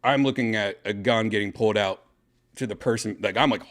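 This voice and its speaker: Low-voiced man telling a wild story. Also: brisk. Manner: excited, swearing, acts out his own shouts. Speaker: podcast host. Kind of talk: casual storytelling.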